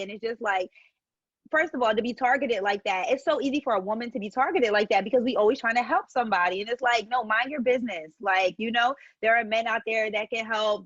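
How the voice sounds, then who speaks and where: A woman's voice: a little high, fairly bright tone, no room sound, highs cut off. A woman co-hosting a podcast, talking in casual chat with emphatic, conversational delivery. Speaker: podcast co-host.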